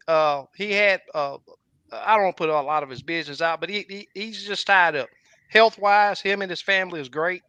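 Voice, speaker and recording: Bright-voiced fishing host. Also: male voice, high voice, smooth, no room sound, highs cut off. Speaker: fishing guide and livestream host. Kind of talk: casual livestream chat.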